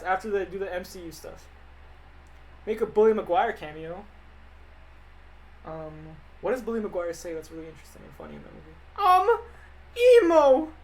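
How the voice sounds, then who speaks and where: Here a young man with a high voice answers questions from his viewers during a live animation stream. His replies are offhand, wandering and playful, and the audio quality is poor.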